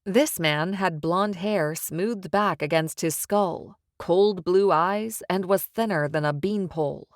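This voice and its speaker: A woman narrating an audiobook in a measured first-person storytelling manner. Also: lowish voice, no echo, clean studio sound. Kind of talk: scripted narration.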